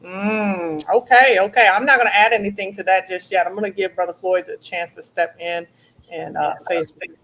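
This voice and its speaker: A woman hosting a panel discussion, lively and encouraging as she puts questions to guests. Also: on the low side, a little fast, a little hiss or hum. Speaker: host.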